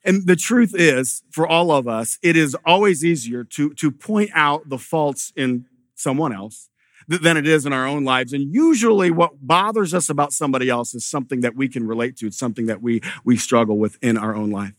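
Bright-voiced male pastor preaching. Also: mid-range voice, moderate pace, no room sound, studio quality. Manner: conversational preaching with storytelling and repeated restarts. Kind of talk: sermon.

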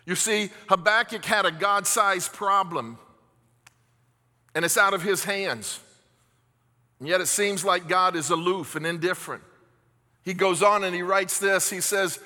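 High, bright-voiced preaching man. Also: a little slow, in a large hall. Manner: earnest, impassioned preaching that drops to a soft, hushed tone. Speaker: pastor. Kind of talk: sermon.

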